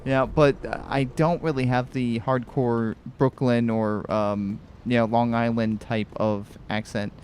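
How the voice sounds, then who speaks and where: A man from Connecticut narrates his gameplay in a loose, chatty way, circling back on his own words with ums and restarts. His voice sits at an ordinary middle pitch. A faint background hum runs under the home recording. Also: steady tone, takes it slowly. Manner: rambling, chatty, many restarts. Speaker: gaming streamer. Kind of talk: casual let's-play commentary.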